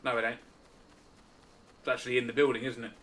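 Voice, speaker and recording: A man's voice: medium pitch, little pitch movement, quick pace, a bit bright, distant mic. A man giving casual let's-play commentary, with muttered, self-deprecating asides. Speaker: gaming channel host. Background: faint game music.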